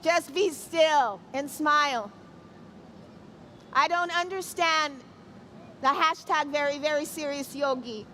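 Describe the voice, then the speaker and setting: A woman's voice: high-pitched, slow, long pauses, bright, forceful tone, slight background noise. A middle-aged woman teaching an outdoor yoga class, giving playful, encouraging cues and jokes. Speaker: yoga instructor. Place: outdoor city square event.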